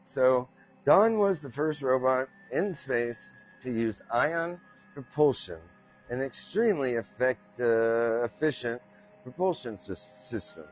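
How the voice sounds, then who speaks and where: This American podcast host has a mid-range voice, and the recording has its highs cut off. Reading facts on his own show, he wanders off into rambling jokes at his own expense.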